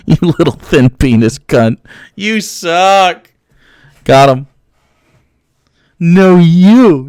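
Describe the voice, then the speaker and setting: A man's voice: high-pitched, clean tone. A man streaming live, taunting a chatter with profanity and frequent laughter.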